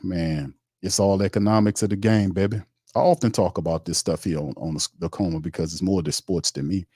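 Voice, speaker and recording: A man's voice: low-pitched, fairly even intonation, a little fast, warm tone, husky, no echo, clean studio sound. A man hosting a sports livestream, ranting bluntly with slang and profanity and reading viewer comments aloud. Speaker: sports podcast host.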